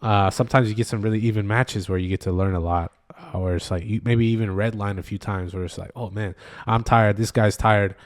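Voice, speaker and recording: A laid-back man talks in casual podcast chat. His voice sits a little low, and he rambles along with plenty of fillers and trailing thoughts. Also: fairly even intonation, quick pace, hardly any pauses, darkish tone. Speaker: podcast co-host.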